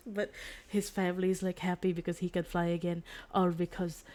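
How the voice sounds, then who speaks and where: A young woman streaming from home, casually retelling a story in a rambling, excitable way, with lots of "like" and restarts. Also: fairly low pitch, brisk. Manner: giggly, excitable.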